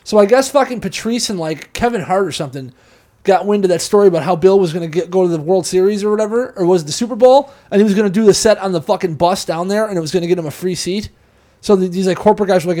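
A man's voice: high voice, a little mellow. A man hosting a podcast, telling a long, profane, rambling story in casual chat. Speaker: podcast host.

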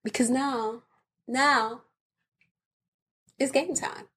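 A young woman with a slightly husky, breathy voice talks in a casual chat. She is animated and playful, jumping between her own side and acted-out lines from the other side of a domestic squabble. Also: sits high, extremely slow. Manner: animated, playful, acts out both sides of an argument. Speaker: podcast co-host.

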